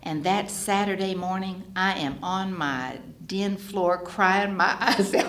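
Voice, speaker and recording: Her mid-range voice moves at a moderate pace with few pauses and a fairly bright tone. A middle-aged woman, she recounts her recovery as testimony at a fellowship gathering, performing other people's voices with intensity, recorded in an echoey hall with faint noise.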